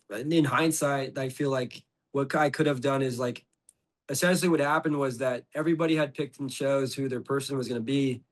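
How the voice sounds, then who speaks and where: Man, middle-aged, podcast guest, rambling casual storytelling, many fillers. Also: medium pitch. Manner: rambling, heavy with "like" and restarts. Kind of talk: casual conversation.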